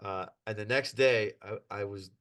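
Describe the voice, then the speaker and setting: Animated man telling injury stories. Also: fairly low pitch, normal speed. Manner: animated, laughs through his stories, acts out quotes. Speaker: podcast guest. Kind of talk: casual storytelling.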